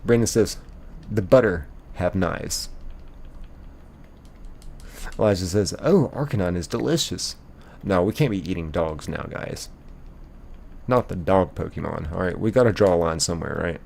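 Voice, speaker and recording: A man's voice: low voice, normal speed, vocal fry, a little mellow. A young man, live-streaming a game and playfully reading viewer chat aloud, laughing often.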